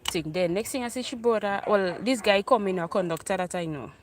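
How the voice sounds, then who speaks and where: A woman with a Grenadian accent telling an animated storytime tale for her vlog, repeating herself in island dialect. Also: medium pitch, a little fast. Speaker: vlogger.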